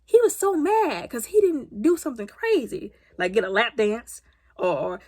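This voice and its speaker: Woman, comedic movie review, husky breathy voice, lively swooping pitch, colloquial retelling. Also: moderate pace. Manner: animated retelling, colloquial, repeats words as she restarts.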